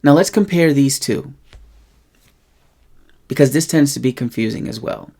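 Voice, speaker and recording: A friendly but plain teaching voice at a middle pitch, walking through examples one by one. The speaker often stops to check in with the listener. The delivery swings in pitch and loudness to stress key words. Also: lively intonation, moderate pace. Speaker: Spanish teacher. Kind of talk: casual teaching monologue.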